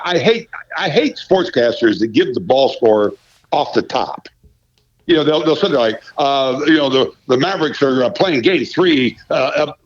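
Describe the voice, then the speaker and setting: This is an older man telling a story with lots of animation. His voice sits fairly high and swings widely in pitch, and he stumbles over repeated words as he acts out the people in it. The podcast audio is dull and muffled. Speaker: podcast guest, retired sportscaster.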